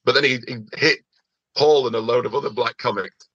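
A man's voice: mid-range voice, brisk, fairly bright tone, breathy edge, no room sound. A man guesting on a comedy podcast, telling an anecdote with lots of restarts and quoted voices. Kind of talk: casual podcast chat, storytelling. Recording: dull lo-fi recording.

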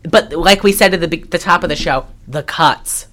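A woman's voice: fairly low pitch, normal speed. A woman co-hosting a podcast, recapping a movie in casual chat and acting out the characters' lines as she goes. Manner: animated, acts out quoted lines while recapping. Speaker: podcast co-host.

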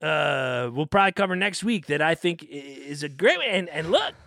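A man co-hosting a casual comedy podcast, animated and joking, swearing freely as he riffs on news stories. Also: fairly high pitch, normal speed, gravelly, no room sound, clean studio sound. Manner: animated, swears freely, slips into silly accents for bits. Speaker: podcast co-host.

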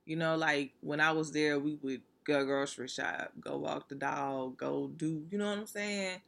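Bright-voiced woman, blunt and profane. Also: sits low, normal speed, creaky. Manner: blunt, profane, laughs while talking. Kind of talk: casual candid monologue.

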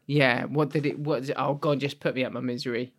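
A man co-hosting a casual podcast chat, animated and laughing often, his voice leaping up when he is outraged. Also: mid-range voice, quick pace. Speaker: podcast co-host.

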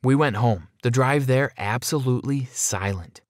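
A man narrating a first-person story in an expressive, dramatic way. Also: mid-range voice, normal speed, no echo, studio quality.

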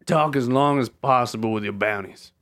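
A dim, blunt bounty hunter, played by a man in an improvised comedy sketch. He speaks in short, broken phrases with a bright, forward tone and gets flustered easily. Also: mid-range voice, normal speed, close to an everyday voice. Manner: broken simple phrasing, flat blunt delivery.

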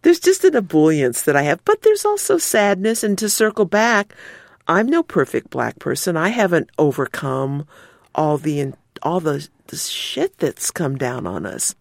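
Expressive woman lawyer telling stories. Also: a little slow, gravelly, no echo, studio quality. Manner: expressive storyteller, acts out quotes with big pitch jumps. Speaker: civil rights lawyer, interview guest. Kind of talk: candid conversational interview.

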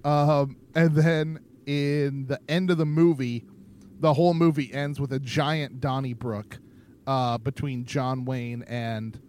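A man's voice: mid-range voice, darkish tone, slight background noise. A tipsy man co-hosting a podcast, rambling in casual chat and laughing often. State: tipsy from drinking. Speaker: podcast co-host.

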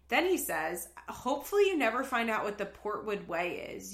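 A woman hosts a casual recap podcast, talking in a chatty, sarcastic way with frequent swearing. Her voice sits at a middle pitch and carries a roomy echo from the space around her. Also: big pitch swings, moderate pace, hardly any pauses, a bit bright. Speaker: podcast host.

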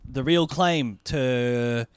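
A man's voice: medium pitch, drawn-out words, clean tone, no room sound. A man co-hosting a podcast, chatting casually, often agreeing with yeahs. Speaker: podcast co-host. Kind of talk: casual chat.

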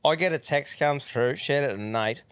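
A man's voice: moderate pace, clean tone, no echo. A man co-hosting a sports podcast in casual chat, telling stories animatedly and swearing a lot. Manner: animated storytelling, heavy swearing, jumps high when excited. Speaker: podcast co-host.

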